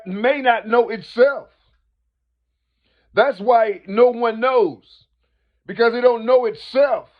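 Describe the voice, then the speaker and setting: A man, giving a rambling spiritual monologue that keeps asking the listener "you see?". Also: very high-pitched. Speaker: speaker. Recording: dull lo-fi recording.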